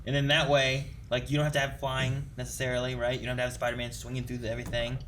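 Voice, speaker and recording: A young man co-hosting a casual reaction chat, animated and thinking out loud with frequent restarts. His mic picks him up from a little distance, with faint noise underneath. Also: mid-range voice, very fast. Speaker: reaction show co-host. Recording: voice a bit far from mic.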